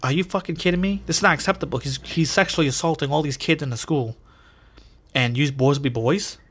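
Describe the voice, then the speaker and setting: A man's voice: a little high, rapid-fire, sharp tone. A man voicing a fierce, protective mother who curses bluntly and makes threats. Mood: outraged. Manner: threatening, profane, emphatic.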